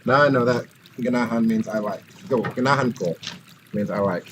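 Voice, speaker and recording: A man in his thirties, a language-learning vlogger chatting casually and breaking into excited whoops while drilling phrases outdoors. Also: medium pitch, normal speed, slight background noise, low-quality recording. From United States. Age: 30s. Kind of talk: casual study vlog. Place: outdoors, walking.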